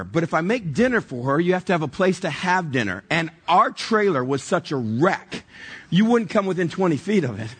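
A middle-aged pastor tells stories from the church stage in a high, husky voice. He is animated and pokes fun at himself, acting out both sides of every conversation. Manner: animated, self-mocking, acts out dialogue. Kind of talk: storytelling sermon. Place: church stage before a congregation.

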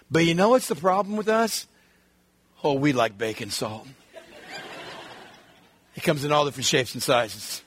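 A middle-aged male pastor giving a sermon, telling lively family stories and acting out his children's voices. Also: on the high side, normal speed, long pauses, slight background noise. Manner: animated storytelling, acts out his kids' voices.

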